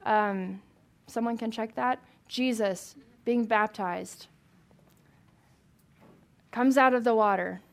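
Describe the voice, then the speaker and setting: A woman's voice: fairly high pitch, takes it slowly, creaky, pauses often. A woman leading a Bible study for a small group, reading scripture aloud and chatting with questions to the room.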